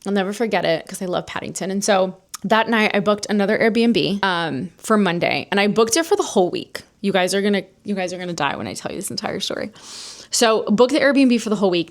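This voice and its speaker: Solo podcast host, woman in her 30s, rapid and candid, acts out the lines she quotes. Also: mid-range voice. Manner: animated, candid storytelling with quoted dialogue.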